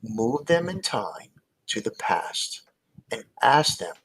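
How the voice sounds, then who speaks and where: A man's voice: medium pitch, big pitch swings, takes it slowly, gravelly, a bit bright, slight background noise, low-quality recording. A man, a hypnotist guest, explaining his methods in casual talk with many fillers and restarts, heard over a video call.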